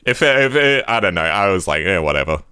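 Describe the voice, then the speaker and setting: A man in casual podcast chat, his voice low and smooth with a dry, close sound. He rambles, restarts and drops into quick mocking impressions of characters. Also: animated, bright, forceful tone, no echo. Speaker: podcast co-host. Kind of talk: casual comic book discussion.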